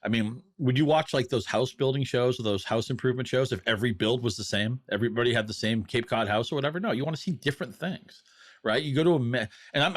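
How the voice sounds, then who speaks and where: A man's voice: medium pitch, breathy edge. A man co-hosting a casual sports podcast, making his points with playful rhetorical questions. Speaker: podcast co-host. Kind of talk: casual fantasy football chat.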